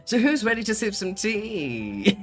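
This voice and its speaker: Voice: medium pitch, steady tone, a little slow, faint music behind. A VTuber streamer in casual live-stream chat, giggling and rambling while answering chat.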